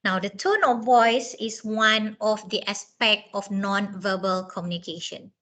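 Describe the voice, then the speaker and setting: A woman trainer talking through a training lecture in a chatty, informal way. Her voice is bright and clear at a middle pitch, and she often breaks off with fillers and restarts. She laughs easily between points. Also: a little slow, rough recording.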